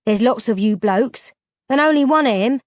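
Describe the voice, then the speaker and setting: A woman's voice: on the high side, expressive, moderate pace, no room sound, clean studio sound, close to an everyday voice. Woman doing a blunt, rustic young man. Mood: scoffing. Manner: broad country dialect, plain-spoken.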